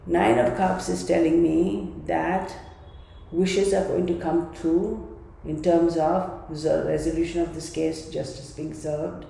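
Gravelly-voiced tarot reader in an echoey room. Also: medium pitch, little pitch movement, takes it slowly, dark tone. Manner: emphatic, repeating phrases while thinking aloud. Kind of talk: tarot card reading video.

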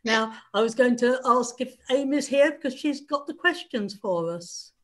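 A woman's voice: on the high side, lively intonation, normal speed. English woman hosting a video-call panel. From England. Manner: warm-hearted and laughing easily. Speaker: panel host.

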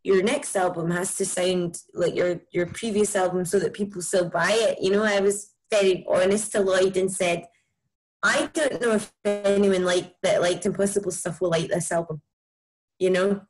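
A woman with a broad Scottish accent, a musician chatting casually and warmly about her music in an interview, with lots of "like" and "um". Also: medium pitch, steady tone, moderate pace, low-quality recording. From Scotland. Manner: chatty, enthusiastic, many likes and ums. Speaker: musician guest.

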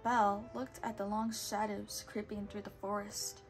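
A woman reading a children's storybook aloud in a steady, patient way, now and then correcting a word. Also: mid-range voice, moderate pace, soft background music. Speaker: storybook reader.

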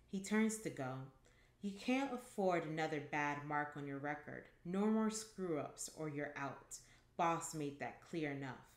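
Low-voiced woman reading a story aloud. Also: expressive, measured pace. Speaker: booktuber reading a short story. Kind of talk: audiobook-style story reading. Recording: echoey room.

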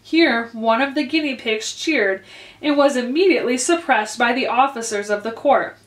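A woman librarian gives a clear, expressive storytime reading for children. Her voice is a little high for a woman, and the library room adds a roomy echo. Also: normal speed. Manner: clear, expressive read-aloud. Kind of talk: storytime read-aloud.

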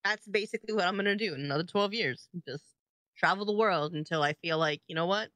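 A young adult woman co-hosting a podcast in casual chat, animated and laughing, swearing freely. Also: lowish voice, fast talker, dry recording. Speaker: podcast co-host.

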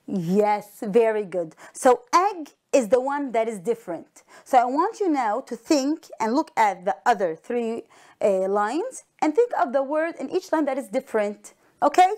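A woman teaching an English lesson to young children on a broadcast, encouraging them and repeating each word slowly and clearly. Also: sits high, darkish tone. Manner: encouraging, slow and clearly enunciated, repeats words.

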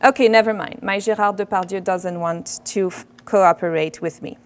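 A woman's voice: medium pitch, moderate pace. Woman giving a faculty lecture. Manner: animated, self-deprecating, quoting French phrases. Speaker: French professor. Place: lecture hall.

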